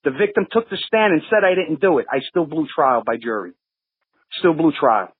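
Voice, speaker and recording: Very animated, this podcast regular talks at normal speed in a slightly high, breathy voice, with no echo. He's a Brooklyn native with a New York accent whose casual storytelling rambles, full of restarts and fillers, heard through phone-line audio.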